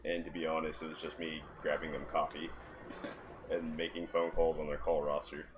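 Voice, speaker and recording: A man's voice: rumbling low, monotone, moderate pace, noisy background. A man, a podcast guest, casually telling anecdotes in an easygoing way and laughing often. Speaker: podcast guest, former Marine. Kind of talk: casual storytelling.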